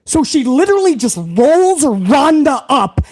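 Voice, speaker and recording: Swearing, heated wrestling show host. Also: male voice, very high voice, very animated, a little slow, darkish tone. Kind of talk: profane rant to a live chat.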